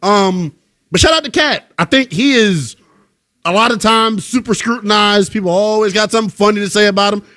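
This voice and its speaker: A man co-hosting a sports talk show, debating in an emphatic, slangy, animated way. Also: high voice, brisk.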